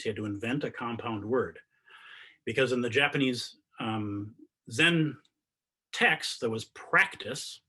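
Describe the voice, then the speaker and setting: A man teaching meditation in an earnest spiritual talk over a video call, rising to emphatic questions and dropping to soft, quiet endings. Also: mid-range voice, breathy edge.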